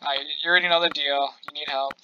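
Bright-voiced profane gameplay commentator. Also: medium pitch, steady tone, muffled recording, a little hiss or hum. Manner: profane, quickly exasperated, talks to viewers. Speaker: gameplay channel host. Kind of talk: casual let's-play commentary.

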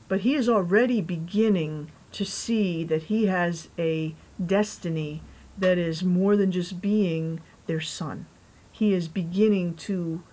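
A woman pastor giving a conversational sermon, reading scripture and adding chatty, animated asides. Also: on the low side, poor audio.

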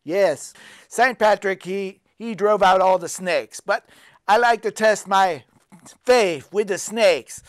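A cocky little leprechaun who calls himself a wrestling champ, talking in a put-on Irish brogue, as a man acts him out. His voice sits high and his jokes land in a sing-song lilt. The sound is dry, like an old public access tape. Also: takes it slowly, no room sound. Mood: mock-solemn. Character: boastful male leprechaun wrestling champ, jokey. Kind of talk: public access comedy show clip.

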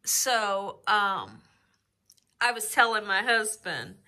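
With big pitch swings and a sharp tone in her mid-range voice, the cooking channel host talks in a heartfelt, emotional way. She is recording a casual home vlog close to the camera, her speech slow and drawn-out.

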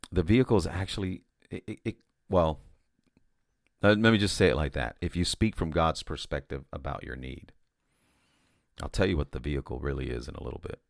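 Deep-voiced man preaching casually. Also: creaky, no room sound, studio quality. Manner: conversational, repeats words and restarts, says "you know" often. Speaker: preacher sharing a vision. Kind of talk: informal sermon to camera.

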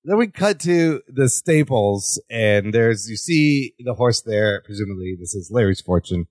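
A man's voice: on the low side, a little slow, no echo, studio quality. A man co-hosting a podcast, chatting casually and acting out lines from an episode with frequent laughs. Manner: animated, laughs often, acts out quotes. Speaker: podcast co-host. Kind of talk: casual recap chat.

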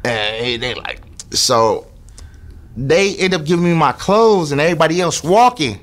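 Animated man telling a jail story. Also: fairly high pitch, normal speed. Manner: swearing, acts out voices in quotes. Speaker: interview guest.

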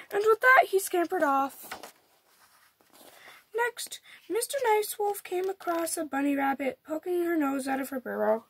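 A woman reading a children's picture book aloud, narrating in an animated, expressive way. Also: very high-pitched, measured pace, vocal fry, slight background noise. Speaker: storyteller.

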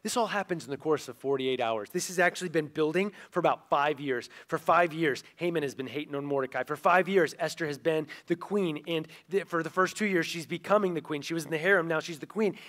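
High-voiced animated male preacher. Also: fast talker, hardly any pauses. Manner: animated, acts out quoted characters. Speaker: pastor. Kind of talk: sermon storytelling.

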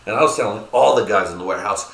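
Podcast host: crude, rambling man, low voice, bright tone, echoey room. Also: very fast, gravelly. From United States. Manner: crude, rambling, excitable, lots of filler. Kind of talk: casual solo podcast rant.

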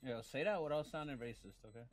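A man's voice: mid-range voice, fast talker. A young man teasing his friends in a casual gaming chat, arguing a point and laughing a lot.

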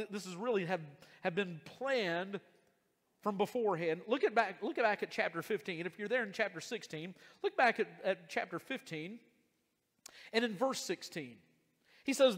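A man preaching a sermon as pastor, earnest, often repeating and restarting phrases and slowing down to stress key words. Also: high voice, lively intonation, in a large hall. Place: church sanctuary.

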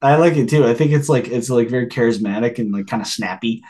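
A man's voice: medium pitch, fast talker, darkish tone. A man co-hosting a podcast in casual chat, rambling with many restarts. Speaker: podcast co-host.

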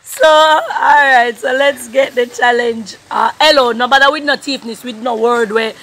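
A woman's voice: fairly high pitch, a bit bright, poor audio. A young adult woman with a Jamaican accent, playfully running a family spelling contest in casual chat. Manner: playful, laughing, drawn-out words.

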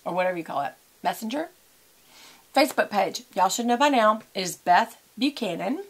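Her voice is mid-range with lively intonation at a normal speed: a middle-aged beauty and lifestyle vlogger with a drawl, loosely talking through her makeup routine in a casual makeup and chat vlog. Without any script, she chats with viewers as if they were friends, wanders across topics, and eats while applying her makeup.

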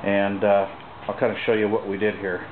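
A man giving a relaxed, hesitant walkthrough of his home mechanic work, with many pauses and fillers. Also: on the low side, a little hiss or hum. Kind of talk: casual walkthrough demo. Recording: tinny phone-like camcorder audio.

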